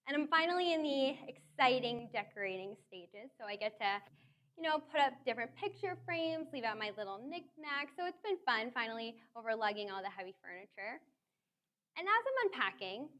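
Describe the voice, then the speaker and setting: A young woman tells a personal story to a live audience. Her voice sits high and swings widely in pitch, full of animated energy. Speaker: speaker.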